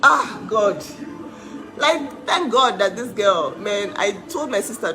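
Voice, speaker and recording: A woman's voice: medium pitch, lively intonation, unhurried, sharp tone, low-quality recording. A woman in her thirties giving an angry, sarcastic rant, often laughing bitterly. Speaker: livestreamer speaking out for her sister. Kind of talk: emotional direct-to-camera rant.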